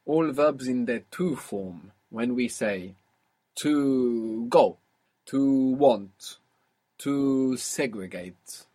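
Man, language teacher, husky voice, patient prompting questions, guided audio lesson. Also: medium pitch, darkish tone.

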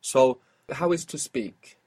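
Man, language teacher, husky, patient, prompting questions, brief praise. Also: medium pitch, slow pace, a little mellow. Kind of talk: spoken language lesson.

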